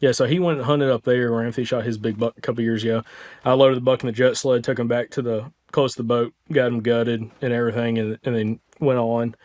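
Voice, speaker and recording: A man, a podcast host, telling a story in casual chat and acting out the quotes with animated energy. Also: medium pitch, fast talker. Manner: animated, excitable storyteller who acts out quotes.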